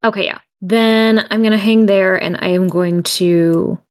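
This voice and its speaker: A woman's voice: medium pitch, steady tone, measured pace. A woman playing a tabletop role-playing game, talking casually and a little hesitantly. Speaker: player.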